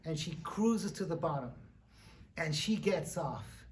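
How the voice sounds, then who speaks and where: A man giving a humorous sermon as a rabbi, animated and joking with fillers. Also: fairly high pitch, slow, long pauses. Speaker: rabbi lecturer. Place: synagogue lecture.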